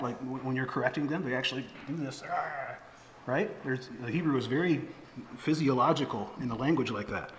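A middle-aged man preaches a sermon from the pulpit, talking plainly to the congregation with fillers and false starts. His voice sits a bit high for a man. The sound is echoey and roomy, with a long church reverb. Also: fairly bright tone, slight background noise. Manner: conversational preaching with fillers and restarts. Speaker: pastor. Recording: echoey hall with faint ambience.

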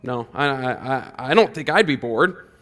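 A man gives a relaxed, chatty sermon to a church room, leaning on "like" as he talks. His pitch sits in an ordinary middle range. He climbs louder and higher when he repeats key words for emphasis. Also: normal speed. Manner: conversational, fillers like "like", swells loud on repeated words. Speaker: preacher. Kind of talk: casual sermon. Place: church hall.

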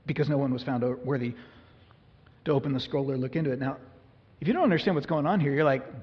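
Earnest pastor preaching in an echoing hall. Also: male voice, a little high, quick pace. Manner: earnest, emphatic preaching with sudden loud rises. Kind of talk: sermon. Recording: muffled, reverberant hall recording.

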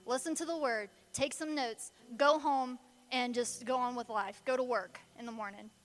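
A woman's voice: sits high, in a large hall. A woman preaching a sermon in an emphatic, conversational way.

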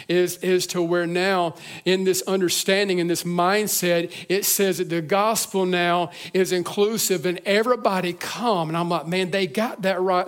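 A pastor preaching a sermon to his church, earnest, moving between hushed reflection and fervent emphasis with frequent restarts. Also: a little high. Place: church service.

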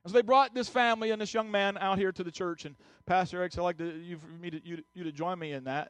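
A man with a notably high voice preaches from the pulpit. He tells a story first, then presses the congregation with urgent, repeated exhortations. The sound is close and dry. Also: fairly even intonation, fast, hardly any pauses, clean tone, no echo. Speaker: pastor. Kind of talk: sermon with personal story.

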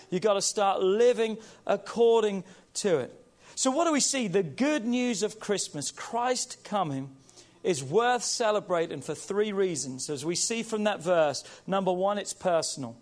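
A male pastor preaching a sermon, emphatic and repetitive, urging his congregation, slowing and stretching key phrases. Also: high voice.

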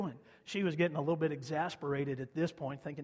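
A man's voice: fairly high pitch, fairly even intonation, fast talker, long reverb tail. A man from Kansas, a pastor, preaching a sermon in a conversational storytelling way, repeating phrases for emphasis.

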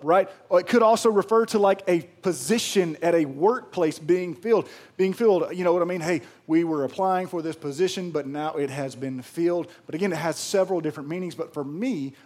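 A man's voice: high voice, darkish tone. A man preaching a sermon, telling funny stories and calling on the congregation to join in. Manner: humorous, storytelling, engages congregation. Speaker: pastor.

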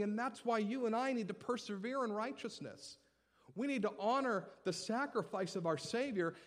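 Male pastor, conversational and funny sermon delivery, lively up-and-down voice. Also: sits high. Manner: animated, humorous, conversational.

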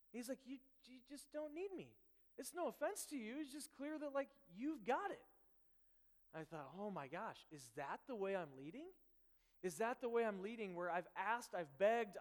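A man preaching a conversational sermon, telling stories with animated acted-out dialogue. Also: sits high, in a large hall. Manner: animated storytelling, acts out dialogue. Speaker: pastor.

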